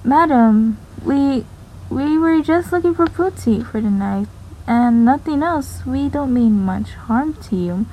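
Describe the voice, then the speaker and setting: A woman's voice: sits high, expressive, measured pace, warm tone, rough recording. A woman reading the part of Celine, a frightened young refugee girl who pleads and cries out desperately. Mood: timid.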